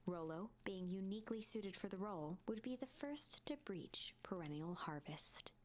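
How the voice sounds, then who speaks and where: A woman reading a game's narration aloud in a soft, steady storytelling way. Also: medium pitch, normal speed, a little hiss or hum.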